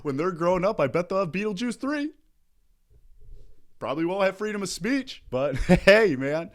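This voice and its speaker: A man's voice: sits high, sing-song, normal speed. A young man hosting a comedy podcast, delivering a sarcastic, rambling, profane satirical monologue full of restarts.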